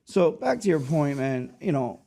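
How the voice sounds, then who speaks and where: A man's voice: on the high side, big pitch swings, moderate pace, vocal fry, warm tone. A man from the United States, a guest in an interview, telling stories with heavy swearing and acting out others' lines. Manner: profane, acts out others' lines. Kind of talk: animated storytelling.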